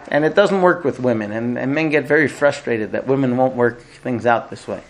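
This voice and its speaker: A man teaching a class in a conversational way, telling an illustrative story with frequent hesitant pauses. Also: medium pitch, slight background noise. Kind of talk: storytelling lecture.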